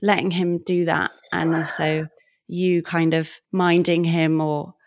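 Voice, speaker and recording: A woman hosts an interview podcast and asks her guest gentle, searching questions. Her voice sits a little low. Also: flat delivery, slow pace, no echo. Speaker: podcast host.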